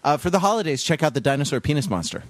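A man chats on a podcast in a halting way, full of fillers. His pitch moves around a lot. The sound is dry and close. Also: very animated, no echo. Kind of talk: casual podcast chat.

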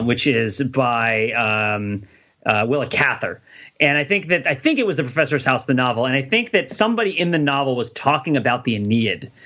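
Bright, animated male co-host, lo-fi audio. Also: mid-range voice. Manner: animated storyteller, laughs often. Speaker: podcast co-host. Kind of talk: casual podcast chat. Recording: dull lo-fi audio.

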